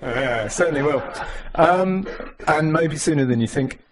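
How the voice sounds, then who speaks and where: A man giving a live conference tech talk with a demo, animated and joking, talking to the audience. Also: a little high, a little slow, a loud crowd. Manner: animated, jokey, mimics others in voices. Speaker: conference speaker. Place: conference room.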